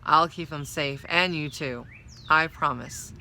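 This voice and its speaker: A stern, protective grown man of the road, as a woman reads him aloud, firm and warning in his words. The tone comes out bright and forward in a storybook reading. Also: low voice, measured pace, slight background noise, full character voice. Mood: gentle.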